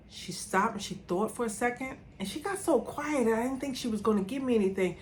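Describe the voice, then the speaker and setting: A middle-aged woman vlogging from a room at home with a voice pitched a little above most women's. She tells her own story in an emphatic motivational way and hammers her points by repeating words. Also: brisk, hardly any pauses, a little hiss or hum. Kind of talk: personal storytelling to camera.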